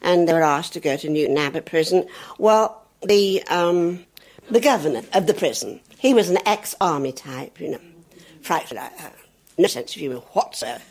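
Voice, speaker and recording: A woman's voice: animated, moderate pace, darkish tone. An older English woman doing stand-up, telling family anecdotes in a chatty, jokey way and laughing at her own punchlines. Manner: jumps high in pitch when doing children's and others' voices. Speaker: comedian. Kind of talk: stand-up storytelling. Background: audience laughter.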